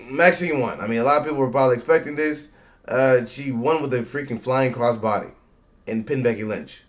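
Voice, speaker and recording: A man giving casual live reaction commentary on a wrestling show, loud and excitable, slangy and profane, yelling at the screen. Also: medium pitch.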